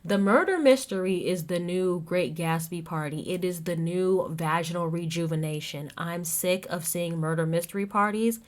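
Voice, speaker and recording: Sassy young Southern woman hosting a casual recap show, low voice, chatty. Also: moderate pace, few pauses. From American South. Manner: sassy, chatty, acts out quotes. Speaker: podcast host.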